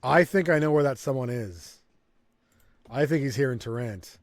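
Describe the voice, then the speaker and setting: A man's voice: mid-range voice, lively intonation, moderate pace, dry recording, clean studio sound. A man hosting a let's play, thinking aloud and reading game text in casual commentary.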